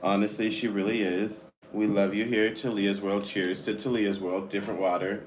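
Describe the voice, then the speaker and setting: A man's voice: on the low side, level tone, a little hiss or hum. A man in his twenties from Florida, eating on a live stream and chatting with viewers by name between bites. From Florida, United States. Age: 20s. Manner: chatty, reads out viewer names and questions; talks between bites, slow and playful. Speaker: mukbang streamer. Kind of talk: casual live chat while eating.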